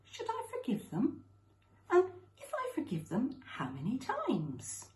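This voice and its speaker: A woman voicing a curious man who asks questions and counts slowly, recorded with a roomy echo. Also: sits high, wildly swooping pitch, darkish tone, voice pushed up, exaggerated voice. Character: curious questioning male disciple.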